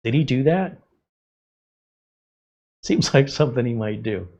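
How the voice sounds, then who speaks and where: On a lo-fi recording, a male tech show host talks at a measured pace and medium pitch. He answers his live stream's viewer chat bluntly and sarcastically, with lively asides along the way.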